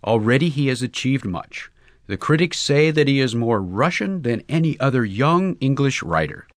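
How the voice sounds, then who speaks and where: A man's voice: medium pitch, expressive, moderate pace, no echo, clean studio sound, voice pushed up, natural voice. A man voicing an ambitious young woman with a cool, scornful manner.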